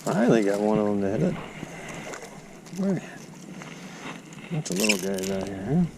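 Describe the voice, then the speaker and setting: A man out on a boat comments live as he fishes, breaking into excited exclamations and chatting to the fish. His voice is gravelly and swings widely in pitch. Clear outdoor noise sits behind him. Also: moderate pace. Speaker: angler. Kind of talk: live commentary while fishing.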